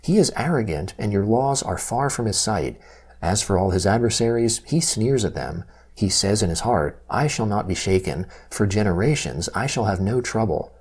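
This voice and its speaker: A man reads scripture aloud with a measured, steady delivery. His voice sits a little low and has a mellow, warm tone. There is a soft husky grain to it. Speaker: scripture reader. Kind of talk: scripture reading.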